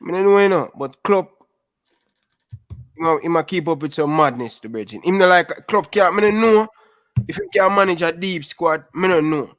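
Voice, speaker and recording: Male caller, higher pitch, dry close sound, animated patois chat. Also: normal speed, no echo. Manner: animated, patois-laced, calls everyone brother. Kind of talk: casual phone-in chat.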